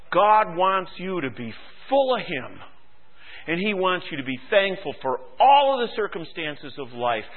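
A man preaching a sermon as pastor, acting out quoted voices and swinging between shouts and hushed tones. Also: sits high. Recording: phone-like radio broadcast.

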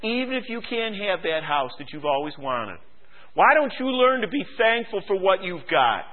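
A man preaching a sermon as pastor, acting out quoted voices and swinging between shouts and hushed tones. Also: high voice, sing-song, moderate pace. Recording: phone-like radio broadcast.

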